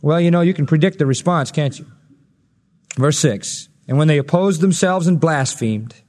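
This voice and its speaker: Animated high-voiced male preacher. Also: normal speed, long reverb tail. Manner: animated, dramatic storytelling with acted quotes. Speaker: pastor. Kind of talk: expository sermon.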